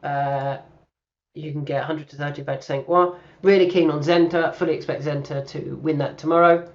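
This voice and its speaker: A man talking through horse racing tips in a relaxed, chatty way, thinking aloud with plenty of ums and uhs. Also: a little high, normal speed, lo-fi sound. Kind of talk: casual racing analysis.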